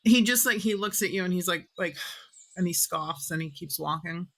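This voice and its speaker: Casual: lady running the game, rambly, lots of um and like, lower voice. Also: normal speed, fairly bright tone. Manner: rambling, filler-heavy narration. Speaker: game master. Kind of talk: narrating a tabletop game.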